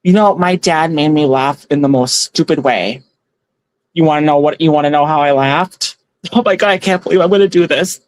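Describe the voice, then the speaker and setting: Low-voiced and speaking at a moderate pace with no room sound, this tarot reader hosts a casual livestream from her phone. She giggles and chats, reading viewers' comments and thanking each one by name.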